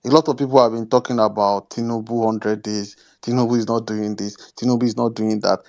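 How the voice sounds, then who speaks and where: Measured man speaking on a panel. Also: on the low side, steady tone, darkish tone. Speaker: guest speaker.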